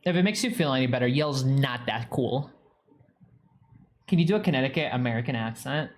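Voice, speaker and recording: A man's voice: medium pitch, lively intonation, a little fast. A young man with a New England accent chatting casually on a stream, rambling, full of "like" fillers and swearing. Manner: rambling, heavy use of "like" and swearing. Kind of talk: casual live-stream chat reading viewer comments.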